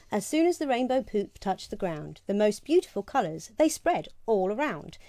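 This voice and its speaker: Lively woman reading a storybook aloud. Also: mid-range voice, unhurried, no room sound. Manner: lively sing-song storytelling, giggly. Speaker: co-host and reader. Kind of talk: reading a children's rhyming picture book aloud. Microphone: lapel mic.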